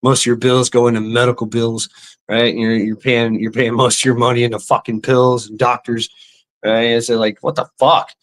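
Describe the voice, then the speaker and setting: A man's voice: mid-range voice, flat delivery, moderate pace. A man ranting casually and sarcastically as a vlogger, with lots of stammered repetitions and swearing. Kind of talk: casual profane rant.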